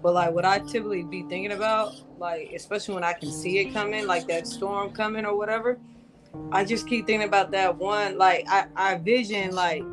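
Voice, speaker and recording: A woman's voice: medium pitch, steady tone, brisk. Woman co-host, reflective and easygoing, plucked guitar underneath. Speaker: podcast co-host. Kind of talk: casual faith conversation.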